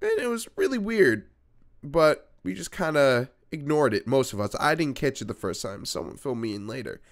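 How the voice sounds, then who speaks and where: A young man tells a personal story in a casual vlog. His delivery is animated and peppered with profanity, and his pitch swings widely as the story builds. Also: normal speed. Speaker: YouTuber telling a personal story.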